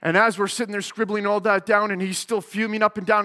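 A man preaching a sermon, telling a story in an animated way and acting out its people, heard in a reverberant church hall. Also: high voice, fast. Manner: animated, acts out the people in his stories. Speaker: pastor.

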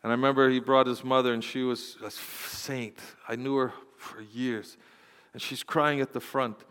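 A man pastor preaching a sermon, swinging between loud, fervent exhortation and quiet, tender storytelling. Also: mid-range voice, little pitch movement, normal speed, clear, resonant tone. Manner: impassioned preaching, rising to loud exhortation and dropping to soft storytelling. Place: church sanctuary. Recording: long hall reverb.

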